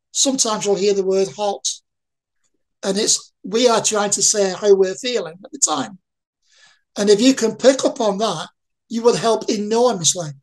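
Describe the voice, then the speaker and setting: A woman's voice: medium pitch, darkish tone, rough recording. A woman in an interview speaking frankly about her own life and asking the listener rhetorical questions. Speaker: interviewee sharing lived experience. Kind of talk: candid conversational talk.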